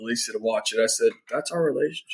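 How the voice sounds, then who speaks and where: A man's voice: medium pitch, very fast, a loud crowd. A man co-hosting a casual podcast chat, blunt and loose, swearing freely. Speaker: podcast co-host.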